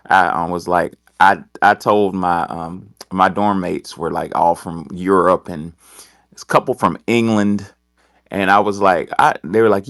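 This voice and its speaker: A man hosting a talk show with a very deep voice, telling a story loosely with many ums. The recording is dry and close, with no room sound. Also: a bit bright, dry recording. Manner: rambling, hesitant, full of ums. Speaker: host. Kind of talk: casual talk-show discussion.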